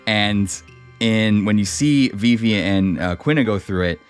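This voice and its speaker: A man talking as a podcast guest in casual, earnest chat, his voice trailing off softly. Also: on the low side, unhurried, smooth, soft background music.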